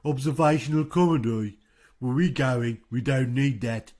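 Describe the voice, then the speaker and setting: A man putting on a hammy, mock-dramatic ad voice for a parody break on a comedy show. The voice sinks low and hushed, playing the drama for laughs. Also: moderate pace, close to an everyday voice.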